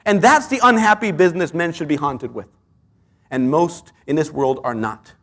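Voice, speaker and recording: Male pastor, high voice, earnest sermon delivery with lots of rhetorical questions. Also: normal speed, fairly bright tone.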